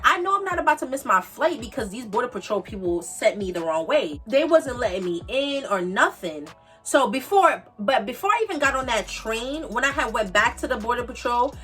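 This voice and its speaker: A woman's voice: a little high, fairly bright tone, distant mic. A woman, telling a casual storytime with emphatic, repetitive, slangy asides. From the Bronx, New York. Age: 20s. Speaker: vlogger.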